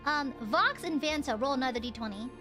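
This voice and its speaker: A woman's voice: high-pitched, animated, fairly quick, over music. A young woman narrating a tabletop game as game master, playful and giggly. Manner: playful, giggly, acts out crowd voices.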